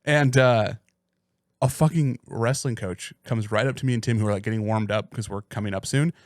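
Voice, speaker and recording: A man's voice: fairly low pitch, brisk, darkish tone, no room sound, clean studio sound. A man co-hosting a podcast, telling rambling, profane stories in casual chat. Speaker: podcast co-host.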